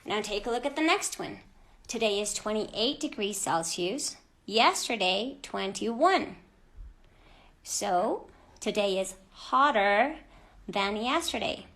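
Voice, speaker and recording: A woman teaching an English grammar lesson to children, speaking clearly and deliberately and stressing each example word. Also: medium pitch, lively intonation, fairly bright tone.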